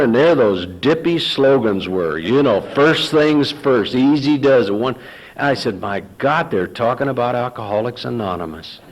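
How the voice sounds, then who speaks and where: A middle-aged man from Texas speaks at a recovery meeting, telling his personal story to an audience like a folksy storyteller and quoting dialogue. His voice is mid-range and expressive at normal speed, and the recording is rough.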